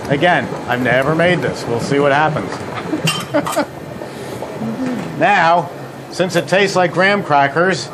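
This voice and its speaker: A man's voice: on the high side, slow, long pauses, noisy background. A middle-aged man casually demonstrating frozen dessert recipes in a kitchen, telling folksy anecdotes with plenty of fillers. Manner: folksy storyteller, chatty with frequent uh fillers. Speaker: ice cream machine company head demonstrating recipes.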